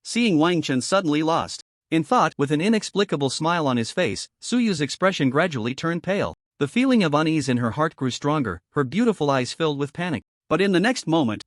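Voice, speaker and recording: A man narrates a story recap from a script, keeping an even storytelling cadence. His voice sits somewhat high and moves a lot in pitch. The recording is close and dry. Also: dry recording.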